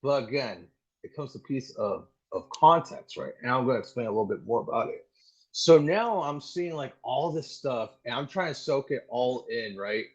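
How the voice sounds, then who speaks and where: A man's voice: mid-range voice, moderate pace, husky. A man in his thirties, an active-duty Marine guest, telling stories in a casual podcast interview, swearing often and leaning on "like" and "dude". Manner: animated storytelling, heavy swearing, lots of "like" and "dude". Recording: muffled, dull audio.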